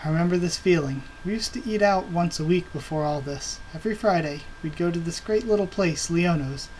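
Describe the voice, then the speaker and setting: A man reading aloud the lines of a grieving, weary male survivor leader from a comic, in a quiet, subdued way. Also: a little high, fairly quick, slight background noise, natural voice, low-quality recording. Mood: wistful.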